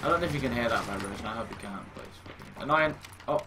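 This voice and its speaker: Self-mocking young gamer, swearing. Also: male voice, mid-range voice, quick pace. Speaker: gaming YouTuber. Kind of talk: casual gameplay commentary. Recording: game noise behind the voice.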